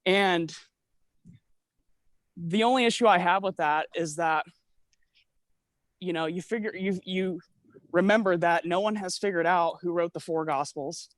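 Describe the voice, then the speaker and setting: A man with a slightly higher voice rambles through a long, casual call about conspiracies, full of fillers and half-finished restarts. He talks a little slowly, with long pauses, and is a little out of breath from walking. The sound is dry and close, with no room sound at all.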